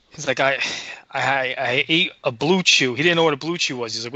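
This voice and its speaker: A man co-hosting a podcast, telling a story in casual chat, excitable and full of swearing. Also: medium pitch, a little fast, no echo, muffled recording. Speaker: podcast co-host.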